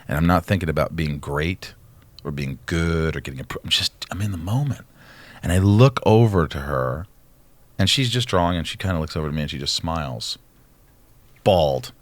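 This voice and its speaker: A man, a podcast guest, telling a personal story in casual chat, animated and swearing freely. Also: very deep voice, moderate pace, no echo. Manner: animated, acts out dialogue, swears a lot.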